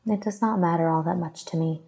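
A woman voicing a teasing female goddess in a soft, lilting, crooning way. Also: fairly low pitch, brisk, creaky, husky, full character voice.

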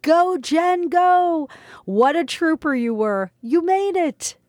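A woman putting on jubilant angel chorus, very high cheering voices, storybook heaven, dry close sound. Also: expressive, slow pace, darkish tone, dry recording, heavily acted. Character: chorus of joyful angelic friends.

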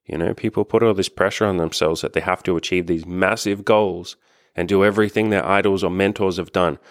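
Male coach, low register, casual motivational monologue, blunt with some profanity, dry close mic. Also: steady tone, brisk, no echo. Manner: blunt, encouraging, swears freely. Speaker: dating and life coach. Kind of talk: casual self-help monologue.

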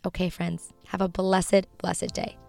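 A woman hosting a devotional show with a raspy voice, teaching and leading a spoken prayer in a gentle manner that often sinks to a soft whisper. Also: lowish voice, flat delivery, a little slow, dry recording, faint music behind. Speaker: podcast host.

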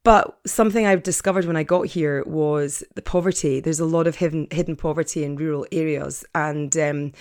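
A woman's voice: low-pitched, steady tone, fairly quick, hardly any pauses, a little mellow, no echo, studio quality. A woman in her late forties or fifties, a former TV presenter, chatting openly about her life with lots of fillers and restarts. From Scotland. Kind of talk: personal storytelling to camera.

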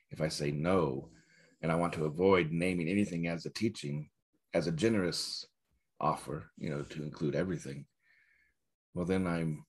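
A man giving a dharma talk as a Zen teacher, reflective and searching, with soft laughs. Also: low-pitched, slightly rough.

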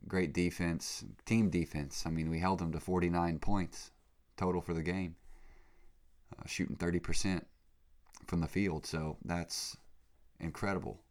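A young man with a very deep voice hosts a laid-back podcast monologue. He sounds congested from being sick. He rambles excitably and leans on slang fillers. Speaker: podcast host. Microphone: podcast mic.

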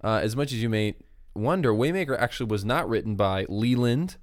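A man's voice: mid-range voice, lively intonation, a little fast, dry recording, clean studio sound. A man hosting a casual discussion about worship songs, chatty with frequent restarts. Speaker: worship podcast host.

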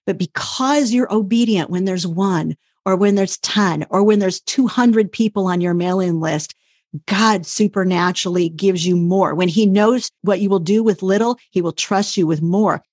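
A woman's voice: mid-range voice, moderate pace, darkish tone, no echo, clean studio sound. A woman guest on a podcast, earnestly sharing a faith testimony with conviction. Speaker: guest, YouTuber. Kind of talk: faith-based testimony in interview.

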